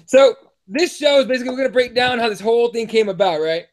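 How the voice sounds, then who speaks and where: A man's voice: very high-pitched, expressive, quick pace. A man hosting a live podcast-style fight show, talking loosely, swearing and stumbling over his words. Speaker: podcast host. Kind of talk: casual live show chat.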